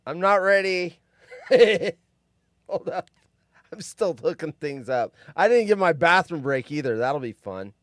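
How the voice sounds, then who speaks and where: A man's voice: a little high, lively intonation, unhurried, a bit bright, no room sound. A man in his fifties hosting a live stream, rambling, joking and reading chat aloud. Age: 50s.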